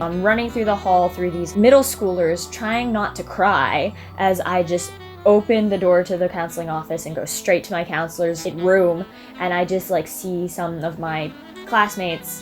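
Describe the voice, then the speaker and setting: Young woman telling dramatic school stories. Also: on the low side. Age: young adult. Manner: dramatic, animated retelling. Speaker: vlogger. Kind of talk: casual storytelling to camera.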